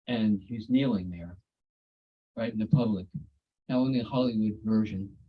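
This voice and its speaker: A man's voice: fairly low pitch, moderate pace, husky, dull audio. A man giving a devotional talk over a video call, telling stories in a conversational way with folksy asides. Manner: conversational, folksy asides like "you know" and "cool, eh".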